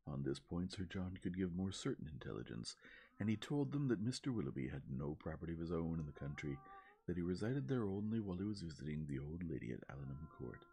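A man reading a classic novel aloud as a soft-spoken ASMR narrator, slow, soothing and measured. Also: low-pitched, sing-song, gravelly, slight background noise.

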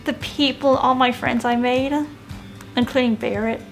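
A woman's voice: fairly high pitch, steady tone, measured pace, soft background music. A young woman from Tennessee answering interview questions in earnest, simple short replies with playful asides, in a casual chat while baking. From Tennessee, USA. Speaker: interview guest.

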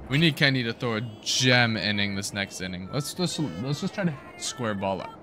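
A young man commentates his own video game match with hyped, slangy excitement. His pitch leaps around constantly as he cheers and groans. A steady hiss of noise sits under the recording. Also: moderate pace. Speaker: gaming video host. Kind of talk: excited let's-play commentary.

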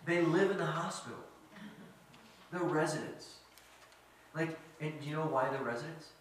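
A man telling a story as a sermon, animated and quizzing his audience. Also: a little high, normal speed, slight background noise. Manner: animated, asks the audience questions. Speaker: guest speaker. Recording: very echoey hall, mic at a distance.

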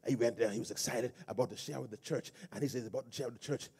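A male pastor with a Bahamian accent preaching a sermon in church, swelling into shouted, sing-song cadences. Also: medium pitch, racing, husky.

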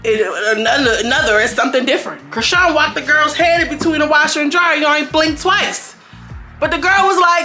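A young woman giving a casual recap of a reality show, animated and slangy, often slipping into voices for the people she quotes. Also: high-pitched, fairly quick, soft background music. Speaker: reality TV reviewer.

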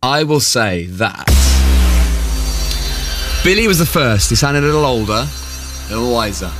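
A male radio host bantering in a casual, animated and self-mocking way, often sounding exasperated. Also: medium pitch, measured pace, soft background music.

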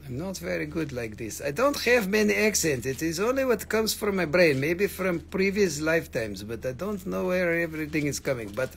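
Host type: man with a slightly high voice, loose and jokey, swears freely, faint room hum behind him. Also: animated, normal speed, creaky, few pauses, a bit bright. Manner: joking, rambling, swears freely. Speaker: live-stream crystal seller. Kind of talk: casual live sales chat.

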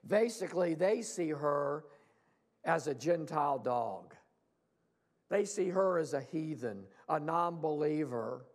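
Slow, gravelly-voiced preaching pastor. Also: male voice, fairly high pitch. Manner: slow, earnest preaching with rhetorical questions. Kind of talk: sermon. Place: church sanctuary.

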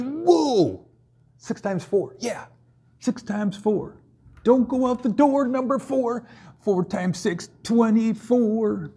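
A man runs a playful math lesson with a high and slightly husky voice. He jokes, sings a little and stays goofy between the steps of each problem. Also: warm tone. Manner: goofy, jokey, sings and puts on silly voices. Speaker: math teacher.

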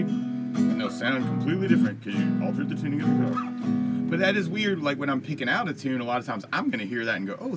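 A man hosting a casual live-streamed music Q&A, answering chat from his computer in a rambling, upbeat way with lots of fillers. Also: medium pitch. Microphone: computer mic at a desk.

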